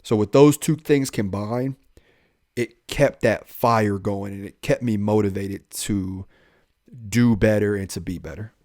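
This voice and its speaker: A young police officer tells his life story on a casual podcast, goofy and animated, acting out the lines he quotes. His voice is fairly low and unhurried, captured dry at studio quality.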